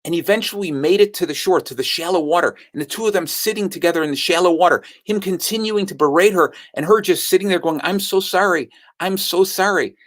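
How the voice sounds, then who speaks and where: A man's voice: high-pitched, fast, few pauses. A man telling a story as a sales speaker, acting out what people said. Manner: animated storyteller who acts out the quotes. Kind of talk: storytelling talk.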